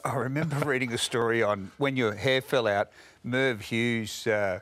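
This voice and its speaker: A mid-pitched man leads an interview in a casual, chatty manner. He prods his guest with friendly questions and laughs easily. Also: a bit bright. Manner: chatty, prompting, quick to laugh.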